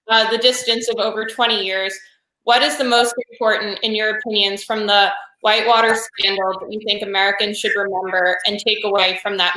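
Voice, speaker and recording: A woman's voice: medium pitch, bright, forceful tone. A woman moderating an interview, agreeing and then reading an audience question with careful phrasing. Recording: echoey room sound.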